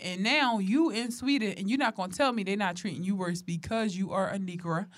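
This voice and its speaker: A woman's voice: medium pitch, fairly quick, few pauses. A young woman co-hosting a podcast in casual chat, blunt and slangy, often laughing. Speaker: podcast co-host.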